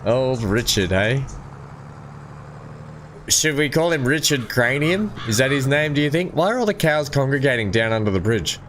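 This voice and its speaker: A man's voice: mid-range voice, sing-song, measured pace, pauses often, fairly bright tone, a little hiss or hum. A middle-aged man giving casual, rambling commentary while playing a farming game, chatting with viewers and laughing at his own jokes. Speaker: gameplay streamer.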